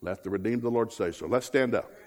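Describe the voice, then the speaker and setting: Husky preacher, joking. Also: male voice, lowish voice, fast talker. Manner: lively, joking, mimics whiny voices. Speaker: guest preacher. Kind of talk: sermon.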